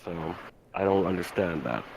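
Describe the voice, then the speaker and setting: A man with a very low, gravelly voice plays his starship officer in a tabletop game. He speaks calmly and evenly over a faint hiss of background noise. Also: normal speed, low-quality recording. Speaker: player. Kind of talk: playing a character in a tabletop game.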